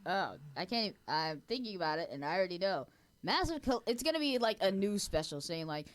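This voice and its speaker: A woman's voice: lively intonation, fairly quick. A woman co-hosting a casual podcast, rambling and giggling while acting out imagined scenes. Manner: giggly, rambling, acts out quotes in squeaky voices. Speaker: podcast co-host. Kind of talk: casual chat.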